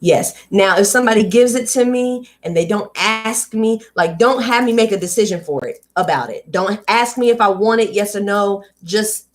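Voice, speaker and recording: A woman with a mid-range voice and moderate pace hosts a live read-aloud stream, reading a book and chatting candidly with viewers. She's casual and conversational, drifting into riffs and asides to her audience.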